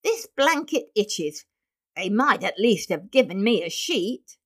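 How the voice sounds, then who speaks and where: A woman's voice: mid-range voice, big pitch swings, takes it slowly. A woman reading aloud, voicing a cranky old man born as a baby, with a quavering, querulous voice. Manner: querulous, demanding.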